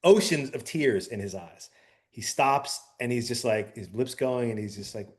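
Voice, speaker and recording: A man's voice: medium pitch, normal speed. Rambling middle-aged man telling a story. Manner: animated, rambling storyteller with many fillers. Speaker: podcast co-host. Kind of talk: casual storytelling chat.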